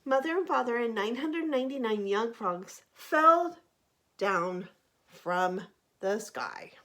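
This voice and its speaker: Animated woman teacher reading aloud. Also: fairly high pitch, takes it slowly. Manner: animated, asks the listeners questions. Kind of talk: reading a picture book aloud to children.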